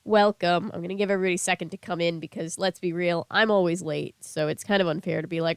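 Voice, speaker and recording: A young woman chatting casually on her live stream talks fast with few pauses, her fairly low voice steady and smooth. Though she sounds a bit ill with a lingering cough, she laughs frequently and reads viewers' messages aloud, all in clean studio sound without echo.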